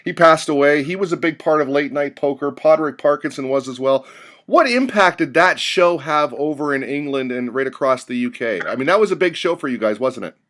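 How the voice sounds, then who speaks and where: Higher-pitched male interviewer. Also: expressive, a little fast, fairly bright tone. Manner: conversational, storytelling. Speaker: interviewer host. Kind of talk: interview questions and anecdotes.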